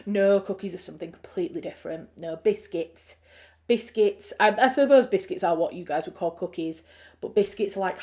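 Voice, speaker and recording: A woman's voice: fairly low pitch, mellow. A woman with a Yorkshire accent, a writer hosting a livestream, chatting casually and rambling as she reads out comments, laughing often. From Yorkshire, England.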